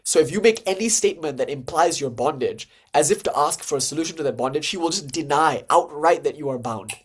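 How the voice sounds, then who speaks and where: A man's voice: fairly high pitch, brisk, slightly rough. A man giving an informal lecture on Hindu philosophy. He talks in a conversational way, full of "like" and "you know" fillers. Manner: animated, jumps to lively acted-out dialogue.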